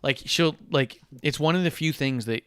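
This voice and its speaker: Smooth-voiced enthusiastic man, podcast chat. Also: a little high, a bit bright, no echo. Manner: enthusiastic, opinionated, quick to laugh. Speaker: podcast co-host. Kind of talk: casual chat.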